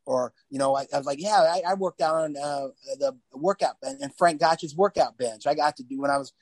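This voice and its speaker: Older male podcast guest, animated rambling storyteller, slightly high voice. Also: brisk, no echo. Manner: rambling, animated storyteller who laughs often. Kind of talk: casual interview chat.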